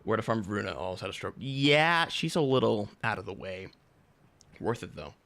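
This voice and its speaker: A man's voice: lowish voice, big pitch swings, normal speed, vocal fry, fairly bright tone. A young man chatting casually with his stream chat while gaming, rambling, sarcastic and swearing a lot.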